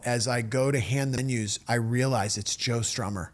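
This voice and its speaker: A middle-aged man telling a personal story in a casual, animated way, acting out the people in it. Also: mid-range voice, normal speed, few pauses. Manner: animated, acts out quoted voices.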